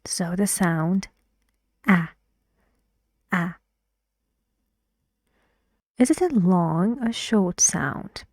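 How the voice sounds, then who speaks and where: A woman teaching English pronunciation in a slow, patient way, often dropping to a breathy half-whisper. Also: lowish voice, lively intonation, dark tone, no room sound, clean studio sound. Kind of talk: pronunciation lesson.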